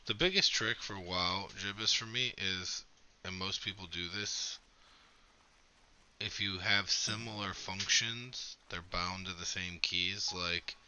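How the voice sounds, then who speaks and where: A man with a low voice and a sharp, bright edge chats while he plays a game on stream. He swears freely and walks through his setup in long, loose explanations. A faint hiss sits under his voice. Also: steady tone, slow. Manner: profane, explains at length. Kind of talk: casual gameplay chat.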